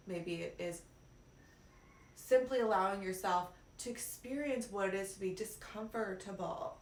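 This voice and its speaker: A woman's voice: medium pitch, slight background noise. Brash, profane woman life coach. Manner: brash, profane, playful, calls listeners cuties. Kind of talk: live-streamed motivational talk. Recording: roomy, a little off-mic, faint ambience.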